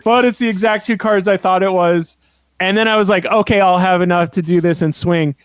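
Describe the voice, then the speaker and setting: A man with a rather high voice chats on a podcast, retelling a card game match in an animated, laughing way with a few curses thrown in. His voice sits close on the microphone in a dry, dead room. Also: brisk, clean tone, no room sound. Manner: animated storytelling, swears, laughs often. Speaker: podcast co-host. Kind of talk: casual podcast chat.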